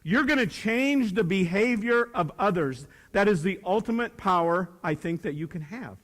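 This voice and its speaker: A man's voice: high-pitched, expressive, normal speed, long reverb tail. An older man giving a speech to a young audience about leadership. He talks in an emphatic, joking manner and keeps repeating his key phrases like a preacher. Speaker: motivational speaker.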